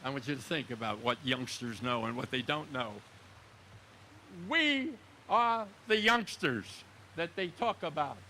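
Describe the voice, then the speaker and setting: A man's voice: mid-range voice, animated, a little slow, pushed and bright, a little hiss or hum. A man in his nineties, a veteran speaking solemnly at an outdoor memorial ceremony, repeating words for emphasis. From United States. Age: 90s. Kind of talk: ceremonial public speech.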